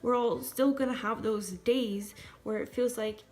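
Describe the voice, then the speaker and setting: A woman's voice: on the high side, a little mellow. Tearful young woman vlogging earnestly. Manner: tearful, earnest, halting with pauses and restarts. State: emotional, close to tears. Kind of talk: emotional personal vlog talk.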